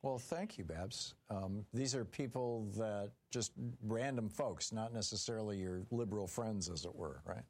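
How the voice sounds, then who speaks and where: A man's voice: fairly low pitch, moderate pace, few pauses, a little mellow. Sardonic male talk radio host. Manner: sardonic, chatty, with frequent ums and restarts. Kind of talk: political talk radio monologue.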